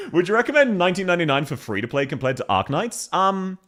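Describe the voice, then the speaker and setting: A man's voice: sits high, very animated, a little fast, fairly bright tone. A young Australian man streaming, joking and laughing as he ranks voice acting in casual chat. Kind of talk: casual chat, ranking reactions.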